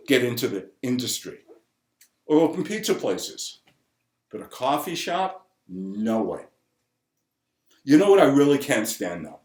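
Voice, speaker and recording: A man's voice: mid-range voice, a little mellow, echoey room. A man delivering a sarcastic comic monologue, ranting through rhetorical questions. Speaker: comedian.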